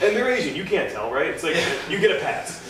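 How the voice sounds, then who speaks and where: A young man doing a stand-up comedy set, rambling and self-deprecating, halting with many fillers. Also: on the high side, big pitch swings. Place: comedy club stage. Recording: echoey club recorded from far off with noise.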